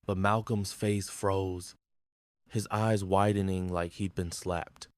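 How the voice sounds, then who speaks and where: Deep-voiced guy reading a revenge story, grim and intense, dry close sound. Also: level tone, takes it slowly, dry recording. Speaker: narrator. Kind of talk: scripted story narration.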